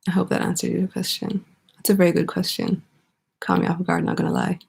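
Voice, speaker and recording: Husky woman teaching English grammar. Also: on the low side, sing-song, a little mellow. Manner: patient, explaining step by step, pausing for student answers. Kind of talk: online English grammar lesson.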